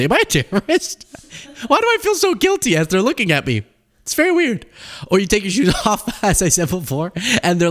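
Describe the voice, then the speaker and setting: A young man talks through politics and his own travel stories in a loose, chatty way. His voice sits slightly high and swings widely, and he slips into exaggerated high voices whenever he imitates someone. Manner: animated storytelling, acts out quoted people in high voices. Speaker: political commentary host. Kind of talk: casual political commentary.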